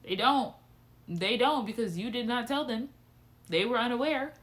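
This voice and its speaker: A young adult woman telling a personal story to camera in a casual vlog, talking candidly, swearing often and swinging her pitch for emphasis. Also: animated, normal speed. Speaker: vlogger.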